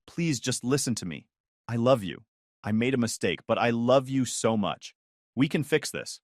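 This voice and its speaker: A man's voice: mid-range voice, expressive, normal speed, no room sound, clean studio sound, natural voice. A man voicing a young woman who sobs and pleads with her fiancé not to leave her. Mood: pleading. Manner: pleading, sobbing.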